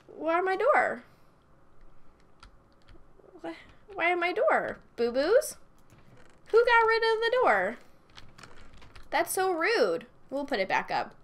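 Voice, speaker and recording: A woman's voice: fairly high pitch, bright, forceful tone. A young woman chatting casually as she plays and comments on a game, bubbly and talkative. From United States. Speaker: Minecraft let's-play host.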